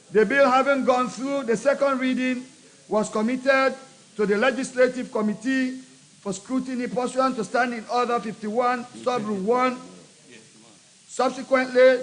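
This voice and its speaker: Man, Sierra Leonean accent, very high voice, formal parliamentary speech, deliberate short phrases. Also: a bit bright, rough recording. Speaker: legislative committee chairman presenting a bill. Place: parliament chamber.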